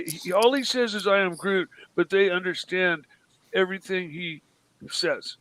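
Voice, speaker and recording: An exhausted man, a guest on a livestream, chats casually and rambles, swearing freely and laughing between sentences. His voice is high and a bit bright, at a moderate pace. The recording quality is low.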